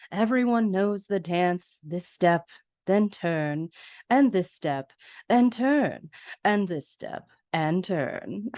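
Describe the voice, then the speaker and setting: A woman hosting a podcast who recaps a movie in a gushing, chatty and animated way. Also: fairly low pitch, dry recording, studio quality. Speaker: podcast host.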